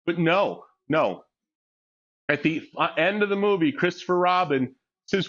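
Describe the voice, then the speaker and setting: Man in his 40s, cursing, cracks himself up, a bit higher-pitched voice, dull lo-fi recording. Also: measured pace. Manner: crude, joking, laughs often, excitable storytelling. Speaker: fitness vlogger. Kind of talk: casual chat between sets. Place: gym during a workout.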